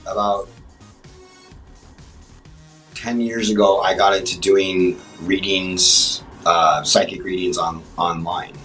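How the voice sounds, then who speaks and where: A man with a deep voice chats as a guest on a livestream show. He trips over his words and restarts a lot. He sounds a bit away from the mic, and faint music plays under him. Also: little pitch movement, a bit bright, far from the mic, rough recording. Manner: halting, many restarts and fillers. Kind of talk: casual interview chat. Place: livestream app chat.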